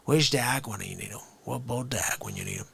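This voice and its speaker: A man putting on a rough, clumsy Boston accent as a brash local heading to the ballpark. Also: mid-range voice, huge pitch swings, fairly quick, fairly bright tone, voice pushed down, heavily acted. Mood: boastful. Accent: put-on Boston. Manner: rough, casual, clumsy imitation.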